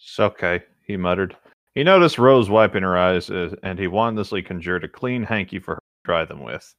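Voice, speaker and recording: A young man with a low, lively voice reads fan fiction aloud in an easygoing way. He is a co-host, heard close and dry. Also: moderate pace, no room sound. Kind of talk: fan fiction reading and commentary.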